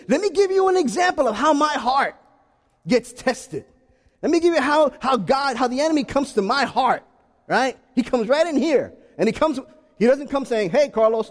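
A man preaching a sermon, his voice sitting high and swinging widely in pitch. He talks in an animated way and throws rhetorical questions at the congregation. The sound carries a long reverb from a large hall.

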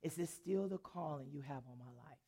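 An older woman pastor and worship leader, preaching in a storytelling way, animated and often laughing as she tells a personal story. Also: low-pitched, moderate pace, slightly rough. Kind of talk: sermon storytelling.

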